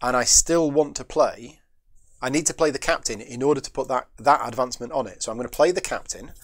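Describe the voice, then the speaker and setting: Man of middle pitch, board game host talking himself through each move. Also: a little fast, a bit bright, a little hiss or hum. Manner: muses aloud, questions and answers himself; chats with viewers between moves. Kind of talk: solo board game playthrough, thinking aloud.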